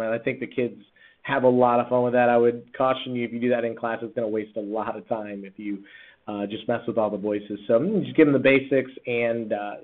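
A man, a teacher, talking casually through a screen-recorded software tutorial with lots of fillers and restarts. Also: mid-range voice. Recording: tinny, phone-like sound.

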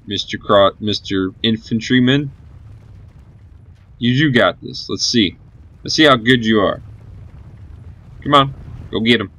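A man's voice: on the low side, measured pace, long pauses, sharp tone, no room sound. A man giving live gameplay commentary as a gaming channel host, cheering on his units and swearing casually.

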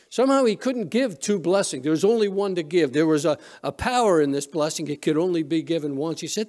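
A man's voice: a little high, expressive, a little fast, few pauses, darkish tone. A male pastor preaching a sermon in a church, retelling a story conversationally with frequent restarts. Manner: storytelling, retelling scenes with quoted voices. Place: church sanctuary.

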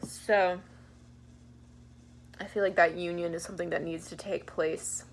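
A woman's voice: on the low side, fairly even intonation, unhurried, slight background noise. A young woman giving a casual tarot card reading, laid-back and giggly, thinking aloud with many fillers. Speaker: tarot reader.

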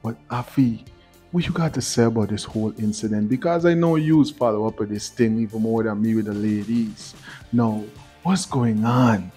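Male vlog host, husky, mellow tone, chatty and hyping viewers. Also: fairly low pitch, moderate pace, faint music behind. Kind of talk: casual commentary.

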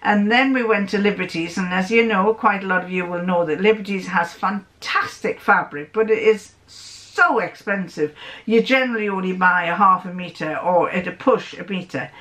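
A woman's voice: medium pitch, moderate pace, a bit bright. An older woman with a Northern English accent chats through a casual sewing vlog. She digresses freely, restarts her sentences, and acts out little remembered exchanges along the way. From north of England. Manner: rambling, digressive, with frequent restarts and acted-out quotes. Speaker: sewing vlogger.

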